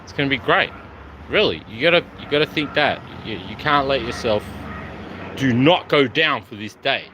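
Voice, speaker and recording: A man's voice: mid-range voice, lively intonation, moderate pace, noisy background. A man talking to camera in a rambling monologue, offhand and jumping from topic to topic. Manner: meandering, offhand, jumps between topics.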